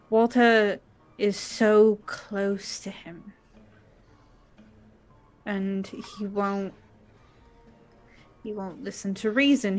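A young woman with a Midwestern accent, role-playing her character in a tabletop game, halting and trailing off as she speaks. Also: medium pitch. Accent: Midwestern American.

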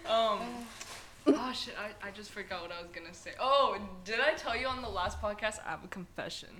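A young woman hosting a podcast, telling animated stories and laughing as she acts out what people said. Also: mid-range voice, fairly quick, a little hiss or hum. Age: young adult. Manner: animated storytelling, laughs often, acts out quotes. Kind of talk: casual chat.

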